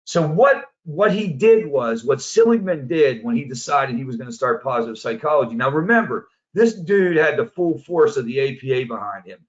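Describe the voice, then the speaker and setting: A man's voice: medium pitch, lively intonation, moderate pace, few pauses. A man in a mid-range voice tells a story casually and with energy, as a coach presenting to a group. The audio is dull and lo-fi, as if from a remote talk. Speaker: positive psychology coach, presenter.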